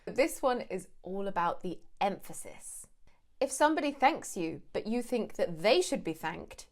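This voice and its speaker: A woman gives a scripted English lesson, explaining phrases clearly and acting out short examples. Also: mid-range voice, very animated, measured pace. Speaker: English teacher.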